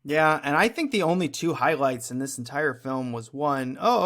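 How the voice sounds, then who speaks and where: A man in his thirties talks through a movie review on a podcast at a mid-range pitch. He rambles loosely and pokes fun at himself now and then. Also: animated, brisk, few pauses, a bit bright. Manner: chatty, rambling, self-deprecating. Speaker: podcast co-host. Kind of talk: casual movie review chat.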